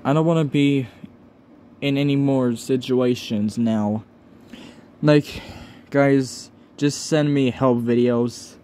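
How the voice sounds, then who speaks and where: Slow-talking upset man near tears. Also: mid-range voice, steady tone, dark tone, slight background noise. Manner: pleading, swearing, halting restarts. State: close to tears. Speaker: channel owner. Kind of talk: upset vlog rant.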